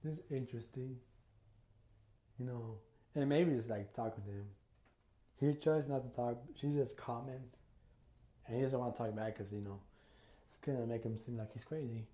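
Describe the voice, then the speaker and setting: Very mellow-voiced man rambling through a story. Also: medium pitch, normal speed, pauses often, roomy sound. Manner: rambling, full of "you know" and "like", acts out quotes. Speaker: fan fiction storyteller. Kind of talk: casual spoken retelling of a fan story.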